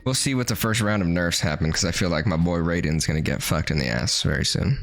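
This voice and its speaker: A young man with a very low voice co-hosts a casual podcast, joking around and swearing freely. He's from New Mexico and talks loosely, with faint music playing behind him. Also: fast, gravelly. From New Mexico, USA. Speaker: podcast co-host. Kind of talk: casual chat.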